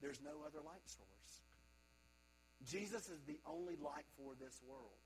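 A man preaching a sermon to a congregation, moving between quiet reflective stretches and loud emphatic calls to young people. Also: fairly high pitch, animated, unhurried, a little hiss or hum, low-quality recording. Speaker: pastor.

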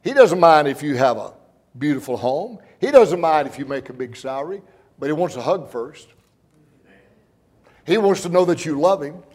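A man preaching a sermon, telling stories earnestly and with emotion, slowing down for emphasis. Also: fairly high pitch, lively intonation, a little mellow.

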